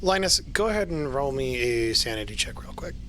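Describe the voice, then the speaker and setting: A man running an online tabletop horror game as game master, relaxed and a little halting, patiently explaining the rules. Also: mid-range voice, background noise. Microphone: home streaming mic.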